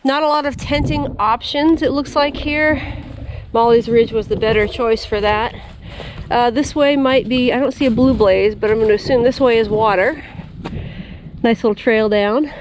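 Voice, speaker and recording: A woman's voice: on the high side, moderate pace, noisy background. A woman hiker talking to her camera on a mountain trail, chatty and giggly as she tells a story. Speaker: thru-hiker vlogger. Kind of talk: casual outdoor vlog narration.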